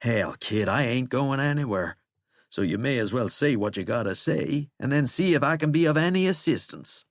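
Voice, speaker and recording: A man's voice: mid-range voice, expressive, normal speed, no echo, clean studio sound, close to an everyday voice. Man voicing a taunting chained monster-man. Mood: wry. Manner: sardonic, coaxing, folksy. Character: shackled cursed man, wry, taunting, coaxing.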